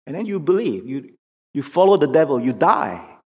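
Male preacher, slow and emphatic, somewhat high voice, big reverberant hall. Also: very animated. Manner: emphatic, rising to near shouts on questions, slow and deliberate. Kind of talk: sermon. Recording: long reverb of a large hall.

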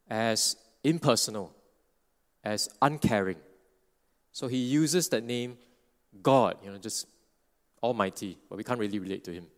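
A male preacher delivering an earnest expository sermon at a medium pitch. He explains patiently, restarting phrases and tossing in quick "right?" asides. His voice rings out with the long reverb of a big church hall.

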